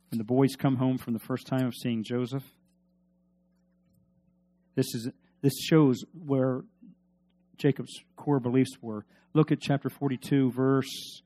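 A pastor with a mellow, mid-range male voice preaches a sermon, reading scripture aloud. He is emphatic and drives his points home by asking the congregation questions.

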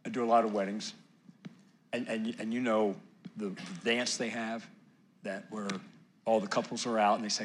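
A middle-aged male pastor preaching a sermon, swinging between loud emphatic lines and soft, near-whispered ones. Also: fairly low pitch, fairly even intonation, a little fast, slight background noise.

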